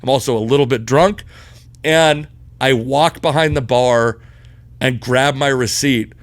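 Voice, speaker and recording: Podcast co-host, young adult man, animated storyteller, dry close mic. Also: mid-range voice, measured pace, dry recording. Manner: animated storyteller who gets loud and laughs at the peaks and swears freely. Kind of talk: casual chat, storytelling.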